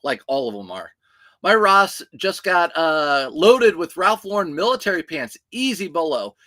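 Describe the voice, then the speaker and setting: A man's voice: on the high side, bright, forceful tone. A man hosting a casual livestream about reselling, reading out viewer questions and answering them in a chatty, direct way.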